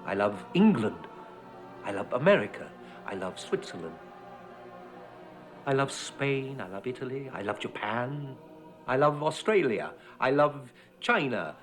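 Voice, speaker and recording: Film voice-over: an ecstatic, tormented young dancer losing his mind, mid-pitched, whispering with wide swings of pitch. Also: big pitch swings, a little slow, faint music behind. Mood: fervent. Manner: hushed, often whispered, breaking into far-off shouts.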